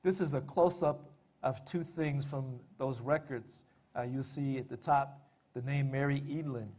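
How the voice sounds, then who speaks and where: A man's voice: medium pitch, steady tone, a little slow, a little mellow. A man giving a public talk on family history, conversational, with frequent fillers and dry, self-deprecating humor. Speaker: speaker presenting family history and poetry.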